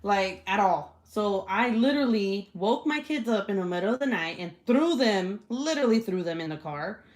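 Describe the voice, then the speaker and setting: A woman hosting her own livestream, telling a story casually, swearing freely and acting out everyone's lines with big jumps in her voice. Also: normal speed. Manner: animated, swears freely, acts out quotes with big pitch jumps; laughs often while telling the story. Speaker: channel host.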